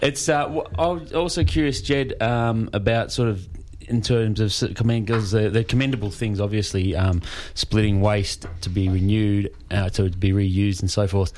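A man's voice: fairly low pitch, fairly even intonation, normal speed, hardly any pauses, darkish tone. A male radio host from Australia, chatty and wordy as he asks his questions. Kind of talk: casual radio chat.

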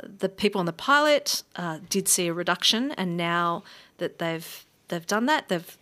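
A woman's voice: lowish voice, a bit bright. An Australian woman hosting a community radio show, chatting casually with fillers and easy asides. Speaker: radio host. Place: radio studio.

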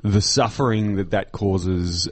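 A man's voice: low-pitched, slow pace, husky. A man with an Australian accent co-hosting a community radio show, dry and easygoing in casual studio banter. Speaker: radio co-host. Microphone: studio microphone.

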